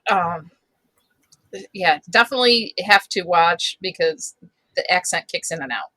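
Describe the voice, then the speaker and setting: Woman co-hosting a podcast, bright voice, lots of ums, dry close sound. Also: on the low side, a little slow, no room sound, rough recording. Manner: chatty, with many ums and hesitations. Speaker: podcast co-host. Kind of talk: casual chat.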